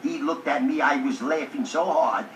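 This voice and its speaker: A man being interviewed, telling a lively anecdote with a streetwise, joking delivery. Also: on the high side, normal speed, a little hiss or hum. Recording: echoey room, distant mic.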